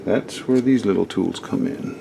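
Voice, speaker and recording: Man chatting low through a craft demo. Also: normal speed, creaky, noisy background. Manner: chatty and rambling, thinking aloud with many ums and uhs. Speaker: craft channel host. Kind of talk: casual how-to craft narration.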